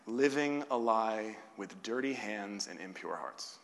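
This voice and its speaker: A male pastor delivering a sermon, asking rhetorical questions and slowing down with long pauses on key words. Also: lowish voice, expressive. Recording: long hall reverb.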